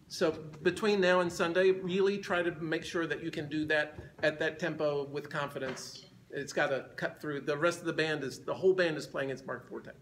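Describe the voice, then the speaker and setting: Leading a band through rehearsal, a man counts the musicians in and sings phrases to demonstrate how they should sound, with the band audible in the room. His voice is a little high with a fairly bright tone, and there's slight background noise.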